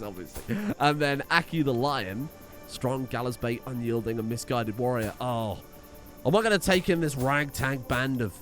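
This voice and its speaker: A man casually commenting on a strategy game, thinking aloud and reading the game's text. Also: medium pitch. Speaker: gaming video host.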